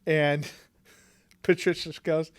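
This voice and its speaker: Podcast dude cracking jokes and cussing, kinda high voice, dead dry sound. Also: male voice, little pitch movement, no room sound. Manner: swearing, jokey, quick to act out quotes. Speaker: podcast co-host. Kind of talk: casual chat.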